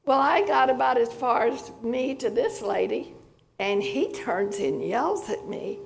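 High, gravelly woman giving testimony. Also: lively intonation. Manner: slow, folksy storytelling with emotional catches. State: hoarse, clearing throat often. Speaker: church speaker giving testimony. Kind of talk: personal testimony in church.

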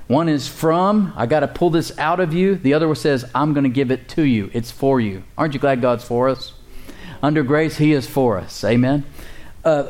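A pastor preaching in a higher voice. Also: male voice, a little mellow. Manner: call-and-response, repeating key phrases slowly. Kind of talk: sermon.

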